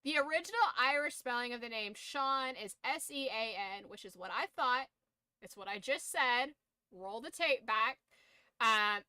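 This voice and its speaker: Woman streamer, blunt casual chatter with a hoarse throat; pitched a bit high, bright tone. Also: no echo. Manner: blunt, swears freely, laughs often.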